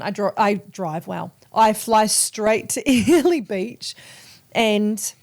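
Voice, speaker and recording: A woman's voice: on the high side, measured pace, darkish tone. A woman in her thirties with an Australian accent, hosting a podcast and telling a story in casual chat, swearing freely and acting out the voices of people she quotes. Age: 30s. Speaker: podcast host.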